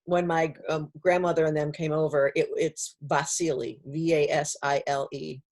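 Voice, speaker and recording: Brief: woman host, low deep voice, chatty, eager storyteller. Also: little pitch movement, normal speed, a little mellow. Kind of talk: conversational interview.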